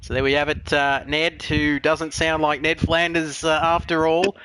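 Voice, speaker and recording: A man's voice: on the high side, flat delivery, normal speed, pushed and bright, slight background noise, poor audio. An Australian man calling a sim racing league, full of jokey, matey banter and with a voice worn out by the night. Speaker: lead commentator.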